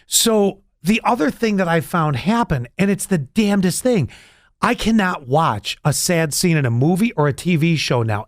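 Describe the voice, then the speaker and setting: Candid middle-aged man, lively swooping pitch. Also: dry recording, clean studio sound. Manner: candid, rambling storyteller with restarts and sudden pitch jumps. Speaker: podcast co-host. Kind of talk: casual chat.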